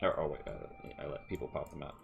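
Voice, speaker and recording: A man narrating a tabletop game as game master, hesitant and full of fillers, slowly describing scenes. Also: very deep voice, lively intonation, gravelly, a little hiss or hum. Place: home setup, streamed live.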